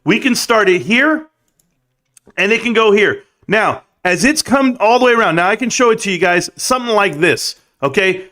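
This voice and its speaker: A man with a fairly high voice hosts a late-night stock livestream. He talks in a hyped, rambling way and pumps up his viewers. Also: animated, moderate pace, sharp tone. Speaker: livestream host. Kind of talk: casual stock-market livestream talk.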